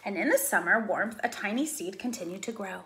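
A woman, a preschool teacher, reading a picture book aloud with expressive, sing-song storytelling. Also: mid-range voice, a little fast.

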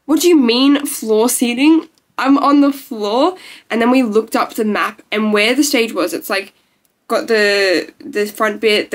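A young woman vlogging to camera in a gushing, emotional way, peppered with "like", close to tears. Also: on the high side. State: tearful. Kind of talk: casual talking-to-camera vlog.

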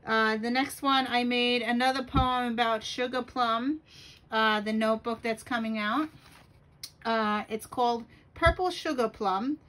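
A woman's voice: fairly high pitch, steady tone, measured pace, a bit bright, rough recording. A middle-aged woman reading her own poems aloud in a journaling video, with careful delivery and small stumbles. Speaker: journaling vlogger.

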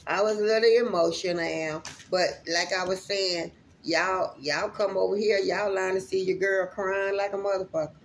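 A woman's voice: mid-range voice, steady tone, normal speed, few pauses, a little hiss or hum. A woman giving a casual spiritual reading to her viewers, chatty and emotional, swearing freely and speaking to them directly. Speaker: spiritual reader.

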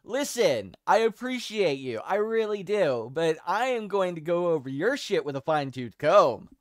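Excitable, profane male podcast host. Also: high voice, moderate pace, no room sound, studio quality. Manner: rambling, profane, excitable, with frequent restarts. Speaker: show host. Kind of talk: casual podcast chat.

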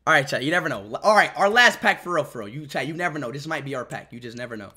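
A young man livestreaming in casual chatter, repeating himself to chat, swinging between tired mumbling and loud shouts, hungry and drained. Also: fairly high pitch, animated, fast, slightly rough. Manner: repeats phrases over and over, talks to chat.

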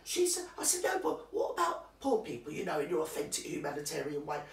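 A performer doing a gossipy older woman, chattering away in confiding asides and teasing jabs. Her pitch swoops up and down with relish. She sounds a step back from the mic in a roomy space. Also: huge pitch swings, fast, vocal fry, recorded from a distance. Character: gossipy older British woman, nosy and cheeky. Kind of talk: comic character monologue to camera.

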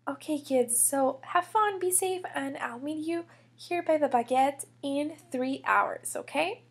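A woman's voice: high-pitched, measured pace. A woman doing a patient kindergarten teacher. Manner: calm, coaxing, motherly. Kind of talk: toy figure storytelling.

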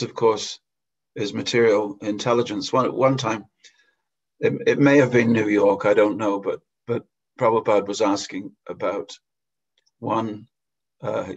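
A man teaches a scripture class in a relaxed, anecdotal sermon, chuckling now and then as he tells his stories. His voice is gravelly and husky. The recording is dull and lo-fi. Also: on the low side. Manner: anecdotal, with frequent chuckles and hesitations. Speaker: lecturer giving a scripture class. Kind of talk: storytelling sermon. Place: temple hall.

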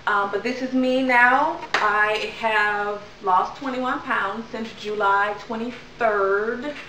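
Bright-voiced chatty woman in echoey room. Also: a little high, fairly even intonation, slow, distant mic, a little hiss or hum. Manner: chatty, rambling, many ums. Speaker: vlogger. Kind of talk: casual chat to camera.

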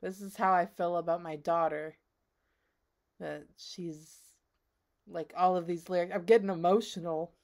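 Lady reacting to a song, earnest and rambly, lots of "like", voice a bit on the low side. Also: steady tone, a little mellow. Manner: earnest, rambling with many "like"s and trailing pauses. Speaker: reaction video host. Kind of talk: casual reaction commentary.

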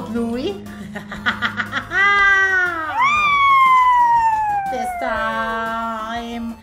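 A woman's voice: a little high, exaggerated voice. A woman voicing a gleeful, hungry cat monster in a playful game role-play, giggling, meowing and taunting. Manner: giggly, meows between lines, taunting. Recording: echoey room with loud game music.

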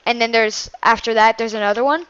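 A woman's voice: on the high side, fairly even intonation, brisk, fairly bright tone, clean tone, dry recording, highs cut off. A young woman chatting casually while gaming, teasing and upbeat. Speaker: gamer.

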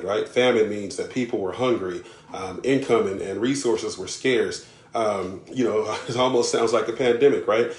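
Male preacher, mid-pitched voice, earnest, stacks repeats, roomy live-stream echo. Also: darkish tone. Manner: earnest, often checks in with "right?" and "okay?"; repeats words while building a point. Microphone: live stream setup.

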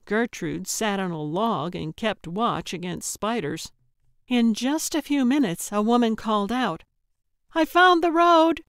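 A woman narrating an audiobook in a calm, measured delivery. Her voice is smooth and clear, and she speaks slowly. The recording is dry and close. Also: medium pitch, no room sound. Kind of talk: scripted narration.

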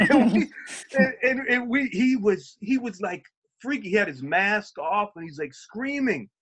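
A man speaking on a video call as a union organizer, telling an animated story and acting out shouted quotes. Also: very high voice, a little slow, slightly rough. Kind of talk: virtual meeting talk, storytelling.

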